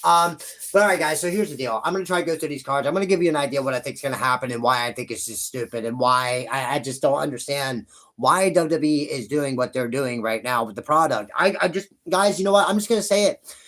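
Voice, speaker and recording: A man's voice: mid-range voice, fast talker, bright, forceful tone. A young man ranting to camera about wrestling, profane and heated, rambling with frequent restarts and asides to his viewers. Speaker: YouTube wrestling commentator. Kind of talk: ranting vlog commentary.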